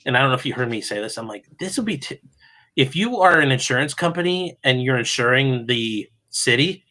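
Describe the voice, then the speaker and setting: A man's voice: mid-range voice, animated, brisk, bright, forceful tone. A man talking as a guest on a podcast, casual chat, blunt and opinionated, often repeating words as he starts. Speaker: guest, legal commentator.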